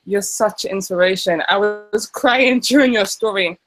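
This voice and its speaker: An earnest woman speaking over a video call. She talks into the live stream in a heartfelt, gushing way. Her voice is at an average pitch for a woman. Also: moderate pace, soft background music, low-quality recording. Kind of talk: casual chat.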